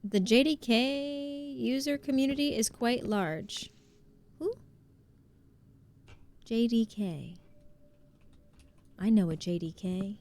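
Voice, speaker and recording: A woman's voice: fairly high pitch, slow pace, long pauses, darkish tone. A woman livestreaming a game, chatting casually, laughing often and greeting her chat. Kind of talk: casual gaming stream chat.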